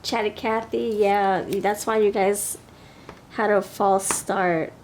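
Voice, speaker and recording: A woman's voice: medium pitch, steady tone, slow, a little mellow, slight background noise. A woman with a New York accent giving a pick-a-card tarot reading, chatty and thinking aloud as she goes. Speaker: tarot reader.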